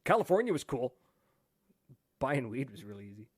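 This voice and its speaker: A man from Canada hosting a podcast, telling a lively story in casual chat, acting out what people said and laughing often. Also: medium pitch, moderate pace, no room sound, clean studio sound. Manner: animated storyteller, acts out quotes, laughs often. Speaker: podcast host.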